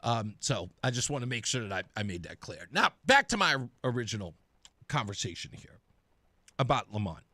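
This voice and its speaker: Middle-aged male radio host, chatty storyteller, bright and animated, dry studio sound. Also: fairly low pitch, moderate pace, no room sound. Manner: chatty storyteller, laughs at himself. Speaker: radio talk show host. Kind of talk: casual radio monologue.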